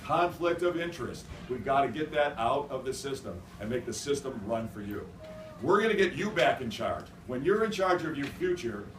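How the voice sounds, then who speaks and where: A man, a governor, giving a rousing political stump speech in a restaurant function room, emphatic and repetitive, building to loud rallying cries. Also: medium pitch, a little hiss or hum. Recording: echoey room, mic at a distance.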